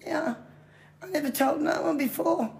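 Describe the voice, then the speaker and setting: A woman's voice: high-pitched, moderate pace, gravelly, darkish tone. A woman chatting casually, blunt and sweary. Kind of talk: casual chat.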